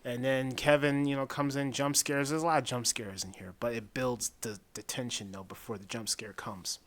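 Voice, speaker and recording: A man giving a casual spoken film review. He rambles, repeats himself, often says "man", and drops to a hush when retelling the creepy parts. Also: medium pitch, fairly even intonation, moderate pace. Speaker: movie reviewer.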